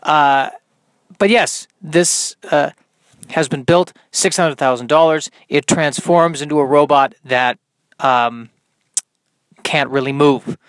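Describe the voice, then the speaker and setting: High-voiced man, dry self-mocking podcaster. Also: takes it slowly, a bit bright, smooth, no room sound. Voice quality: high tenor voice. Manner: dry, self-mocking and rambling, with many ums and restarts. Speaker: podcast host. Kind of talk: solo comedic podcast monologue.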